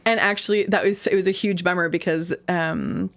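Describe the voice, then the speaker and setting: A woman's voice: lowish voice, moderate pace, a bit bright, dry recording. A woman from Canada, an interview guest, telling stories in a rambling casual way with many fillers. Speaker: interview guest, singer-songwriter.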